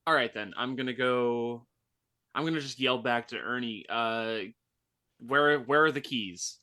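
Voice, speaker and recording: A man's voice: medium pitch, measured pace, bright, forceful tone, smooth. A man playing a tabletop game over a video call, playful and jokey. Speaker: player.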